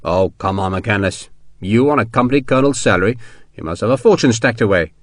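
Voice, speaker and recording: A man voicing an eager, headstrong British general who speaks briskly and commandingly. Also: lowish voice, animated, no echo, clean studio sound, natural voice. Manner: brisk, commanding, quick to laugh.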